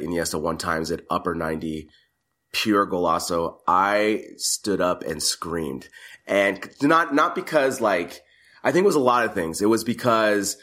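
A man co-hosting a casual sports podcast, telling a lively story with frequent restarts and fillers. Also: sits low. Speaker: podcast co-host. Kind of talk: casual chat. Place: lives in Madrid.

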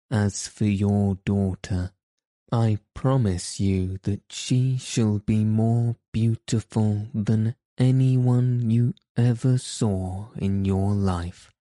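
A man reading the lines of a poor, dying old labourer who speaks lovingly to his children, in a gentle, measured storybook way. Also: lowish voice, no echo, clean studio sound.

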